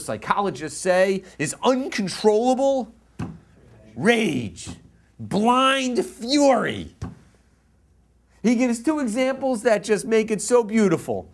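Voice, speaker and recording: A man from the US East Coast giving a religious teaching as a lively story, laughing often and acting out scenes. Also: a little high. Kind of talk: storytelling lecture.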